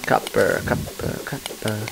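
A man's voice: unhurried, noisy background. A man chatting casually during a co-op video game session in a laid-back, dry way. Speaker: gamer playing with friends. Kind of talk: casual let's play chat.

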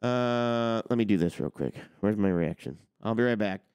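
A man's voice: fairly low pitch, normal speed, darkish tone, clean tone, no echo. A man hosting a trucking business show, ranting on a livestream and firing off rhetorical questions. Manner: argumentative, fires off rhetorical questions. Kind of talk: livestream rant.

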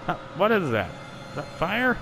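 A man's voice: high voice, big pitch swings, normal speed, noisy background. A young man casually commenting on a game he is playing, rambling and joking as he goes. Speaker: gameplay commentator. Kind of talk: casual let's play commentary.

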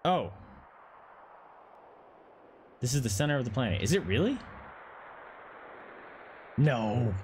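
A man hosting a let's play, chatting and exclaiming excitedly while he plays. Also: mid-range voice, slow, pauses often, slight background noise. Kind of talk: gameplay commentary. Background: game music.

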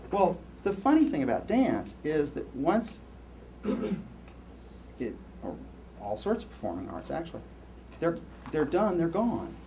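A man giving a university lecture, rambling and animated, with many restarts and asides to the class. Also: mid-range voice, a little hiss or hum. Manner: animated, rambling, lots of self-interruptions. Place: lecture hall.

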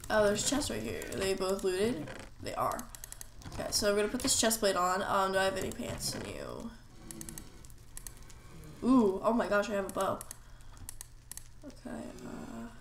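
A woman's voice: mid-range voice, wildly swooping pitch, measured pace, vocal fry, pauses often. A woman with a cold-stuffed nose giving casual gameplay commentary, chatting to herself as she plays. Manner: chatty, talks to herself while playing. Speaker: gamer. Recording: roomy echo, faint noise.

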